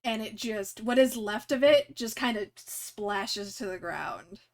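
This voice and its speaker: Laughing woman game master, slightly high. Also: takes it slowly. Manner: loose, laughing narration full of fillers. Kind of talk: narrating a tabletop game.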